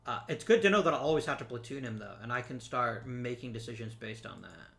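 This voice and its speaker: A man records casual let's play commentary in a bright, forceful voice. He jokes as he goes and talks straight to the viewers and the players in the game. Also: medium pitch, fast, vocal fry. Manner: chatty and joking, talks to the viewers and to the players on screen.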